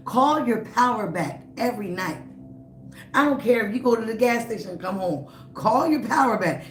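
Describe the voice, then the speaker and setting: A woman giving a live-streamed tarot reading. She talks emphatically and repeats herself, speaking straight to the viewer. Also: medium pitch. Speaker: tarot reader. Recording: roomy, noisy background.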